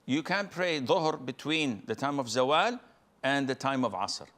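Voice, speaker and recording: A man, a sheikh answering a question, explaining step by step in a patient, deliberate way. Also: medium pitch, lively intonation, a bit bright. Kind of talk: Islamic Q&A answer.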